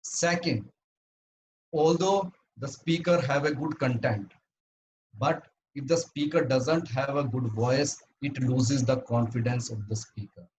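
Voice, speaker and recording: A man delivers a prepared talk over a video call, speaking at an ordinary pitch. He is earnest and halting, often stopping to restart a phrase. Faint noise sits under his voice. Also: a little mellow, low-quality recording. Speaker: club speaker. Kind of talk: prepared educational speech at an online meeting.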